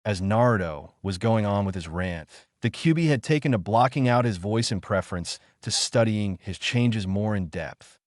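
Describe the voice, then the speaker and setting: A man reading fan fiction aloud in a steady storybook narration. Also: fairly low pitch, moderate pace, few pauses, no room sound, clean studio sound.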